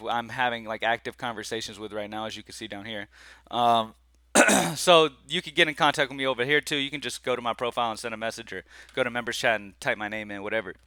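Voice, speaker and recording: A laid-back man chats to his viewers about his betting picks. He rambles and says y'all a lot. His voice sounds bright and forward, recorded dry and close with no room sound. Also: medium pitch, smooth, no echo. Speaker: sports betting picks host. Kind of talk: casual vlog-style talk to camera.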